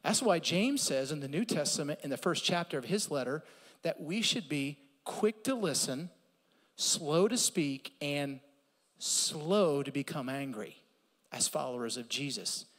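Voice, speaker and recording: High-voiced pastor preaching in an echoing church. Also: male voice, a little slow. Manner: animated and conversational, with asides. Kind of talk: sermon.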